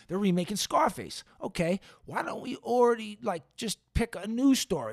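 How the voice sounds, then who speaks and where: Dude ranting on his podcast, cussing a lot, kinda high voice, mumbles stuff under his breath sometimes, dry mic. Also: dry recording. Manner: animated, profane, wry asides, mutters some lines under breath. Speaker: podcast host. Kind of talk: casual profane rant.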